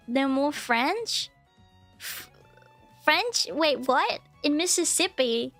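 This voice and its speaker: A woman's voice: high voice, expressive, slow pace, a bit bright, dry recording, soft background music. A woman VTuber streaming, chatting casually, rambling and reacting to her chat with frequent giggles.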